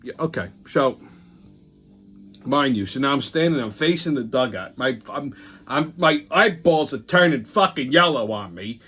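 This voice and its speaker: A man's voice: medium pitch, animated, normal speed, pushed and bright, slightly rough, soft background music. A middle-aged man, telling a long, profane story as a host, swearing constantly and acting out what people said. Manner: crude, rambling, swears constantly, acts out quotes.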